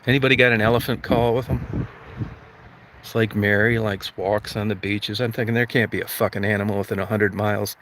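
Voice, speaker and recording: A man hosting a livestream delivers a crude, comedic rant packed with nonstop swearing and mock outrage. His voice is on the low side, flat and brisk, with background noise behind him.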